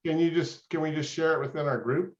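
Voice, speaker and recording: A man leads a genealogy group over a video call, his voice a little high and steering the chat with jokes. The sound is dull and lo-fi. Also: fast.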